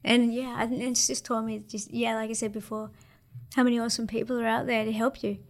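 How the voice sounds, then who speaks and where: A woman in her thirties with an Australian accent, chatting casually as an interview guest in a relaxed, slangy way with lots of fillers. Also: on the high side, fast talker. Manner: laid-back, slangy, many fillers. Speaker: interview guest, para-surfer.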